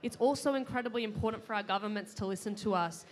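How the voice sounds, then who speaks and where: A woman's voice: mid-range voice, fast talker. A young woman giving heartfelt closing remarks as a panel moderator, with many fillers and restarts. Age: young adult. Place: conference pavilion at a climate summit.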